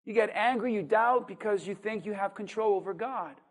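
Speaking at normal speed with a medium-pitched voice, a pastor delivers a sermon packed with rhetorical questions and call-and-response, moving between quiet asides and loud, emphatic moments.

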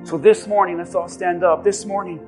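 A man preaching a sermon as pastor, building from quiet, low passages to impassioned shouting and leading an altar call. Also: fairly even intonation, normal speed, faint music behind. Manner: impassioned, rising to shouts then dropping low.

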